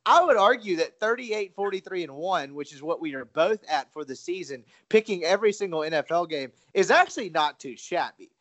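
High-voiced chatty sports podcast host. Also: male voice, animated, brisk, hardly any pauses, a bit bright. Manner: chatty, self-deprecating, rambling. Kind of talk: casual sports betting chat.

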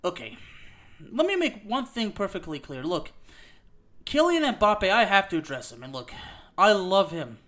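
A man's voice: high voice, sing-song, normal speed, pushed and bright. A man hosting a soccer podcast, ranting emphatically with frequent "okay?" and "you know what?" and some swearing. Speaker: podcast host. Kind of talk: soccer opinion podcast rant.

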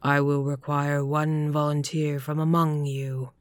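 A woman voicing a gaunt, sinister male stage hypnotist who speaks in a slow, sonorous, commanding voice with cool contempt. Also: low-pitched, flat delivery, dry recording, studio quality. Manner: measured and commanding, mocking.

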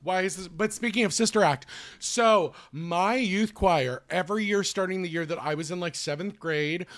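Brief: man, bright, sharp tone, fast joking storyteller, self-mocking podcast host. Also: high voice. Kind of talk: casual chat.

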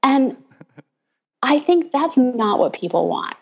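Woman pastor, podcast guest; animated storyteller who imitates people she quotes; slightly muffled audio. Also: sits high, slow pace, gravelly, breathy edge. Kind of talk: casual interview chat.

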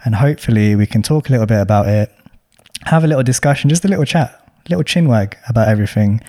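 A man's voice: medium pitch, expressive, fast, warm tone. A man, hosting a podcast and giving chatty, slang-filled advice to students. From London. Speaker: podcast host. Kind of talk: casual advice chat.

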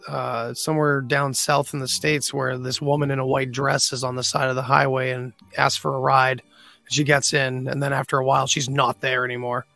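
A man's voice: mid-range voice, flat delivery, moderate pace, creaky, pushed and bright, faint music behind. A man in a casual group chat, talking with enthusiasm and swearing. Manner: enthusiastic, swears, laughs along.

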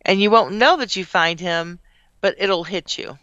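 A woman in her forties speaks in a bright, smooth, resonant voice as co-host of a casual chat. She gives advice in a confident, matter-of-fact way. The recording is dry and a little dull. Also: fairly low pitch, measured pace, no room sound.

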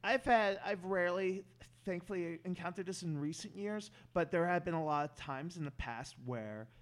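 Young male comic, podcast guest; a touch high-pitched, lively, trips over his words. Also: normal speed. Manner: animated, stammering restarts. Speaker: stand-up comedian, podcast guest. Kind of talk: casual podcast chat.

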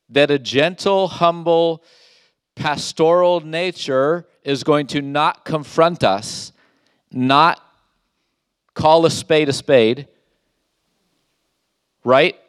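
A man's voice: a little high, slow pace, long pauses, smooth, no echo, studio quality. Emphatic male pastor preaching. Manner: emphatic, rhetorical questions, reads scripture aloud. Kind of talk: sermon.

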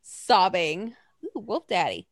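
A young woman co-hosting a casual podcast, animated and laughing often, swearing freely. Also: on the low side, slow, no room sound, clean studio sound. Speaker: podcast co-host. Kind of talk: casual chat.

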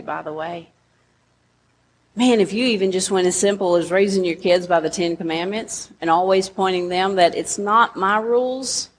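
A woman's voice: fairly low pitch, slight background noise. A woman pastor, preaching a sermon in a conversational way and teasing her congregation with asides.

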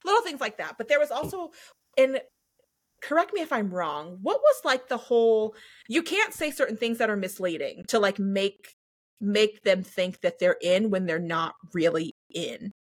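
A young adult woman hosting a podcast in casual chat, telling stories with lively acted-out quotes and frequent laughter. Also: medium pitch, normal speed. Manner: animated storyteller acting out quotes, laughs often. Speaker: podcast host.

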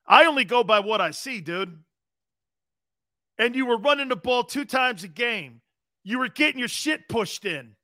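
A man's voice: very high-pitched, animated, normal speed, sharp tone, dry recording, studio quality. A man hosting a live sports talk show, answering viewer comments in a brash, profane, combative way. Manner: combative, playfully needling callers and commenters.

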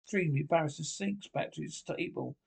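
Gravelly man reading pub jokes. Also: on the high side, over loud music. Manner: halting read with frequent restarts. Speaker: joke teller.

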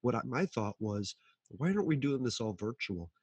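Husky, animated man chatting about sports. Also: mid-range voice, moderate pace, dry recording. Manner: animated, swears freely, acts out quotes. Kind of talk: casual chat.

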